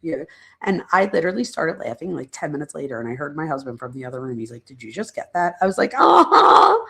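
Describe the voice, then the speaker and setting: A woman's voice: low voice, lively intonation, fast, husky. A middle-aged woman hosting a livestream, lecturing casually and chatting with viewers in rambling, self-deprecating asides. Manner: addresses chat viewers directly. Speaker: psychologist and true crime channel host.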